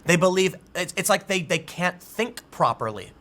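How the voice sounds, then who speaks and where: A man talks through the day's news on his own, reading out article quotes and then riffing on them in an animated way, often restarting his sentences. His voice sits a little high and sounds bright and forward. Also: moderate pace. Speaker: political commentator. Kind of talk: solo news commentary.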